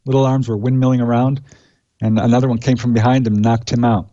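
A man with a warm, darkish voice explains the cases he researched as an interview guest. He speaks plainly and matter-of-factly, often pausing on "uh". The recording is dull and lo-fi. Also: medium pitch. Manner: recounts cases in a steady matter-of-fact way, with frequent "uh" fillers. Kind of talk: conversational interview.

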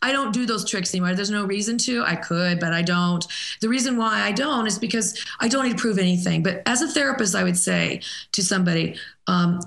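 A woman in her fifties, a therapist guest, telling a story in an animated, halting way with many restarts. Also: medium pitch, gravelly, reverberant. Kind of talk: storytelling in a podcast interview.

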